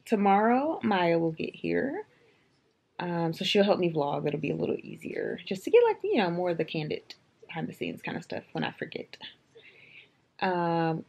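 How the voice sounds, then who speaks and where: A woman fashion vlogger talks casually to her camera, scattering "um" and "like" through her sentences. Her voice sits low and has a husky, gravelly edge. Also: very animated, moderate pace, darkish tone. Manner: chatty, lots of "um" and "like". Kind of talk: casual vlog talk to camera.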